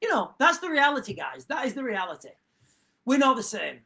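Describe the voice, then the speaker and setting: With a very high, sharp voice marked by huge pitch swings and vocal fry, an Englishman rants briskly on his live stream. It's casual and rambling, full of repetition and self-interrupted sentences.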